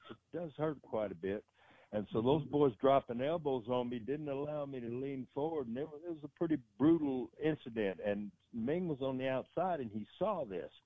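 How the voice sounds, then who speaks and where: Older man, tinny phone line, dry sound, middle pitch, rambling storyteller. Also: no room sound. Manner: rambling anecdote with many restarts. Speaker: wrestling manager guest. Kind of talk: casual storytelling.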